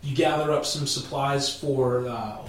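A man's voice: medium pitch, fairly even intonation, measured pace, a little hiss or hum. A man narrating as game master in a chatty way, laughing often and restarting sentences. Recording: echoey room, mic far off.

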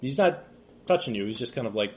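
A man's voice: mid-range voice, expressive, quick pace, a little mellow. Man, game master, casual narration, fillers, echoey room, faint background hum. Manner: casual, laughing, hesitant fillers.

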